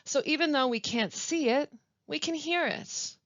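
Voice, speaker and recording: A woman who works as a language support specialist, presenting a pronunciation webinar with clear, deliberate teaching and careful pauses. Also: high voice, a bit bright, dry recording. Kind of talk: instructional webinar narration. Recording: dull, lo-fi dry voice-over.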